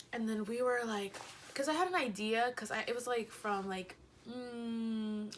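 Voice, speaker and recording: A young woman vlogger with a medium-pitched, creaky voice tells a rambling, giggly storytime about a concert. She's a little out of breath and uses lots of fillers in this casual chat. There's slight background noise.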